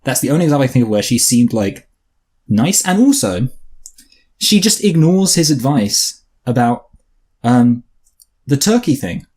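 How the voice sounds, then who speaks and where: A man's voice: medium pitch, very animated, moderate pace, pauses often, darkish tone. A man co-hosting a casual film review podcast, talking in rambling, filler-heavy sentences. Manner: rambling, filler-heavy, with sudden bursts of mock voices.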